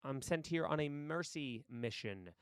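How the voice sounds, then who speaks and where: A cocky, abrasive sales boss tears into his staff with a harsh, profane bark, as a man reads the monologue aloud. The voice is smooth and clear, with a mid pitch and a dry, close sound. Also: animated, unhurried, dry recording. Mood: aggressive. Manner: harsh, bullying, profane delivery. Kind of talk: reading a film monologue aloud.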